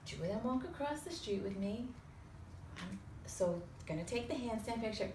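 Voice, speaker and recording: A woman telling a lively personal story to a small audience, acting out other people's voices and swearing casually. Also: medium pitch, moderate pace. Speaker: storyteller on a talk show. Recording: roomy sound from a distance with faint noise.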